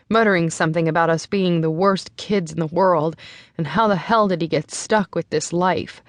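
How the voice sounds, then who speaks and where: Female audiobook narrator, lower voice, measured first-person read, dry booth sound. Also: dry recording.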